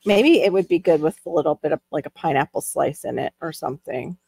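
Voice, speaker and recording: A woman's voice: low-pitched, fairly quick, creaky, dark tone, breathy edge. A woman hosting a casual livestream, chatting and greeting viewers from the chat as she reads it. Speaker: livestream host. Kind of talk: casual live-stream chat.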